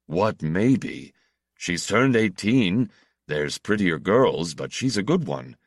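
A man voicing a gruff middle-aged working father, short and broad, with a deep, hoarse voice and plain speech, in a storybook reading. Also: very animated, takes it slowly, dry recording, clean studio sound, exaggerated voice.

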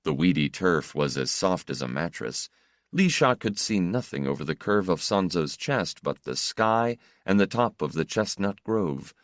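A man narrating an audiobook with an expressive, steady storytelling manner. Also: deep voice, a little slow, no room sound, clean studio sound.

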